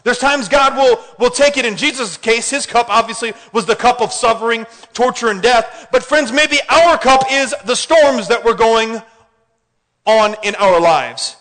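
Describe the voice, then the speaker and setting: A man preaching a sermon in an animated way, often asking the congregation questions. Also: very high voice, unhurried. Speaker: pastor. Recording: hall reverb.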